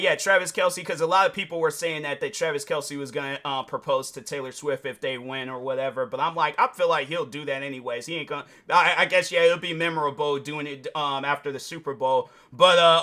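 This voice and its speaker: Bright-voiced animated male vlogger. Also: a little fast, hardly any pauses. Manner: animated, jumps into excited high-pitched impressions of others; informal slang, addresses viewers directly. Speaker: YouTube reaction host. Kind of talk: casual opinion commentary.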